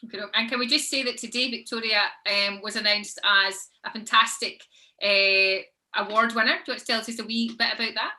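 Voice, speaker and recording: A woman's voice: on the high side, steady tone, fairly quick, sharp tone. A woman hosting an online book panel over a video call, chatty with frequent ums. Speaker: panel host.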